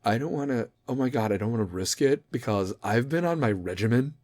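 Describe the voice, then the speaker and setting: A man's voice: medium pitch, expressive, a little fast, darkish tone, no room sound, clean studio sound, voice pushed down, close to an everyday voice. A man voicing a self-righteous dieter who lectures in a pompous, clipped way. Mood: smug. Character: smug strict-diet adult, self-righteous.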